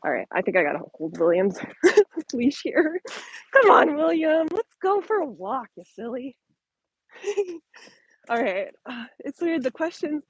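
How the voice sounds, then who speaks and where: A woman's voice: mid-range voice, no room sound, low-quality recording. A woman hosting a casual live-stream Q&A on her phone while walking her dog along an outdoor trail, a little out of breath, chatty with lots of ums and likes. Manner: chatty, many ums and likes, laughing lightly. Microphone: handheld phone at arm's length.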